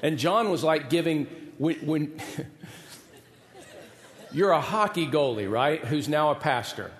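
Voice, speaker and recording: A man's voice: a little high, slow pace. A man in his forties, a pastor preaching a sermon, telling a personal story with humor and self-deprecating asides. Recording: echoey hall, long reverb.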